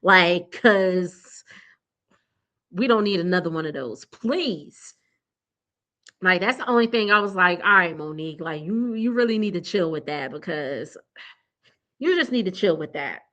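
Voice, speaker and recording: A woman's voice: fairly low pitch, expressive, measured pace, pauses often, fairly bright tone. Chatty woman giving a blunt show recap. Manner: chatty and blunt, laughing often, addressing viewers as y'all. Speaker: TV recap vlogger. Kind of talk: casual recap chat.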